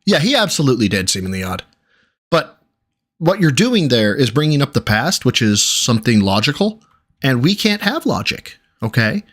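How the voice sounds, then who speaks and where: A man's voice: mid-range voice, big pitch swings, moderate pace, fairly bright tone. A man doing casual livestream commentary, sarcastic and profane, mocking the clip he reacts to. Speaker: streamer reacting to clips.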